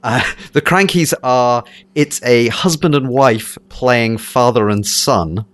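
A man's voice: medium pitch, slow. A man with an accent that is part Scottish and part English, chatting casually and rambling with many fillers and restarts. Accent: mixed Scottish and English. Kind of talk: casual chat.

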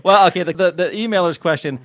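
A man's voice: high voice, no echo. Joking man hosting a podcast. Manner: jokey, rambling, quick to tease. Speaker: podcast host and TV critic. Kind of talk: casual podcast chat.

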